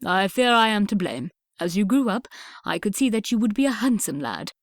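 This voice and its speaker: A loud, blustering older gentleman of the Regency era, as a woman narrator puts him on, pushing his words out brusquely and with heavy emphasis. He sounds like a storybook father who expects to be obeyed, and his voice sits close and dry on the mic. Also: mid-range voice, big pitch swings, moderate pace, no echo. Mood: confiding.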